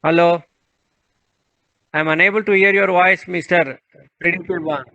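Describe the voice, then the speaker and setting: A man's voice: sits high, steady tone, normal speed, creaky, bright, forceful tone. A man moderating an online session, patiently repeating requests for a participant to speak. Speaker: webinar moderator. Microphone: video call. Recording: dull, muffled video call audio.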